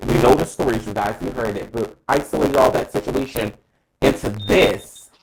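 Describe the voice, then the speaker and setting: A man's voice: mid-range voice, normal speed, a little hiss or hum, rough recording. A man co-hosting a casual talk show, giving a dramatic, emphatic, profane opinion and calling co-hosts by name. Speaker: co-host.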